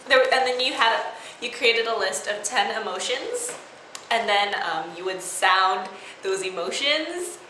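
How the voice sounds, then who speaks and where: A woman's voice: medium pitch, animated, unhurried, sharp tone. A young woman, an acting student, chatting casually, giggling and rambling with many fillers. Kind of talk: casual chat. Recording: echoey room with faint noise.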